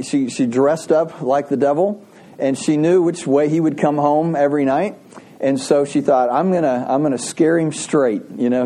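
A man's voice: medium pitch, mellow. A man preaching a sermon, telling a folksy joke and asking the congregation questions. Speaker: pastor.

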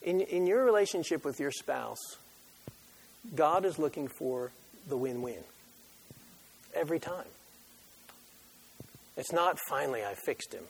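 A man preaching a sermon who tells an animated, joking story and acts out his own reactions. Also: on the high side, a little slow, vocal fry, pauses often, slight background noise. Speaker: pastor.

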